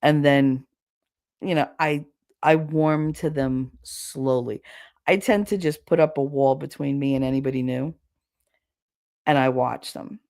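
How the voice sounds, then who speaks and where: A woman's voice: extremely low pitch, fairly even intonation, measured pace, pauses often, warm tone, dry recording, studio quality. A woman with a Chicago accent chatting on a livestream, rambling, losing her train of thought and laughing often. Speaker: livestream host. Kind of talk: casual livestream chat reading comments.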